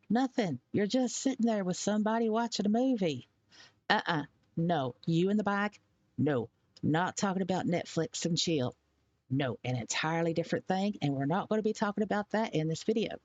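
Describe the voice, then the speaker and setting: A woman giving blunt, opinionated commentary and stressing her points hard, with sharp rises on key words. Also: lowish voice, no echo, lo-fi sound. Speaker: commentary vlogger.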